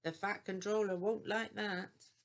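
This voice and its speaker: A woman's voice: mid-range voice, steady tone, a little slow, creaky, voice pushed up. An older woman voicing a male train driver who speaks urgently in a storybook.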